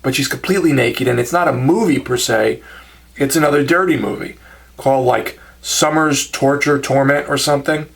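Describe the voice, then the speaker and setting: In a casual storytelling monologue, a channel host tells funny, self-deprecating anecdotes, chuckling and acting out the people he quotes. His voice is mid-range with vocal fry, and he talks at a normal speed.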